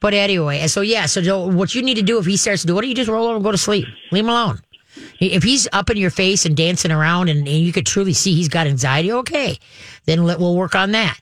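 A man's voice: high voice, quick pace, a bit bright, no room sound. A man hosting a call-in pet advice show, folksy and reassuring, rambling with frequent restarts. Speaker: pet advice radio host.

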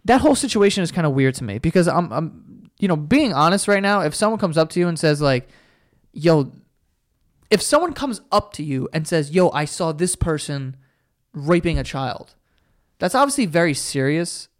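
A man's voice: on the high side, sing-song, fairly quick, few pauses. A man in a casual sports chat who rambles hesitantly, filling his talk with "like.".

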